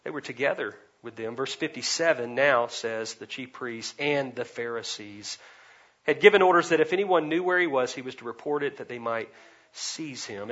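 Bright-voiced preacher with dynamic delivery. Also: male voice, mid-range voice, dull audio. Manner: dynamic, swings between loud emphasis and quiet asides. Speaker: pastor. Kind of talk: expository sermon.

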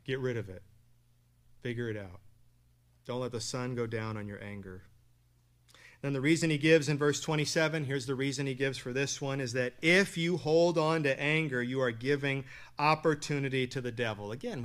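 A man preaching a sermon, asking the congregation questions and answering them, with loud stresses and quiet asides. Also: medium pitch, normal speed. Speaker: pastor.

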